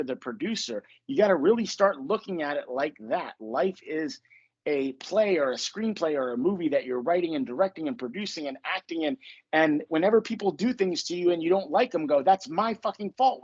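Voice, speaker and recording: A man with a high, husky voice hosts a podcast in a blunt, emphatic, freely profane style. The sound is dull and lo-fi, lacking crispness. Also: expressive, a little fast, darkish tone. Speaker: podcast host and manifestation coach. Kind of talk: casual podcast talk.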